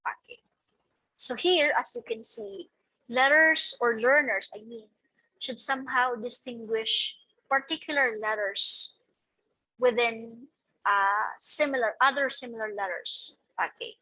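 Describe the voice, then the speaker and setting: A woman's voice: fairly high pitch, measured pace, pushed and bright, low-quality recording. A young woman, explaining a lesson step by step and marking each point with "okay" and "so". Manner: methodical, repeats "okay" and "so" between points. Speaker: teacher presenting a lesson. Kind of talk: explaining slides in a recorded lecture.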